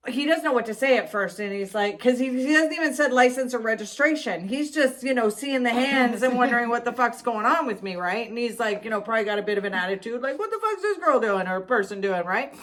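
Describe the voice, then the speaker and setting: A middle-aged woman co-hosting a podcast, telling a story in casual chat, swearing freely and loudly acting out what was said. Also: a little high, a little fast, slight background noise. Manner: animated, profane, acts out quotes loudly. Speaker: podcast co-host.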